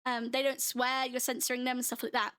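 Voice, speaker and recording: High-voiced giggly British woman streamer. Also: level tone, brisk, pushed and bright, clean tone. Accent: mixed British, American and Australian. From Britain. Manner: giggly and bubbly, laughs often. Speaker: livestreamer. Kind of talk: casual chat with stream viewers.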